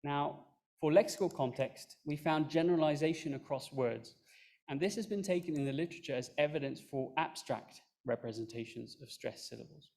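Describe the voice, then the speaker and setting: Gravelly-voiced man giving a research talk. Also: a little high, fairly quick. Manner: relaxed, explanatory, with fillers and dry asides. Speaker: conference presenter. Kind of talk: recorded academic talk.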